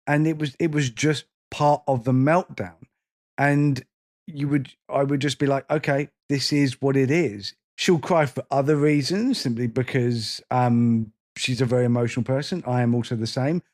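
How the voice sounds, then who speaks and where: A man's voice: medium pitch, fairly even intonation, moderate pace, a little mellow. Emotional middle-aged man, podcast co-host. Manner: open, emotional, rambling with restarts. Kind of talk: casual podcast chat.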